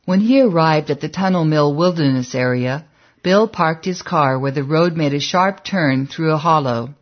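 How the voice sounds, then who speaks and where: Measured audiobook narrator, lo-fi. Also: mid-range voice.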